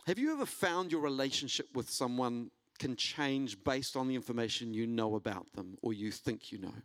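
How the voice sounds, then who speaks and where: A man preaching a sermon, telling a personal story and building to an animated delivery. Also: normal speed, dry recording. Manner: storytelling, rising in pitch and intensity when preaching. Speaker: pastor.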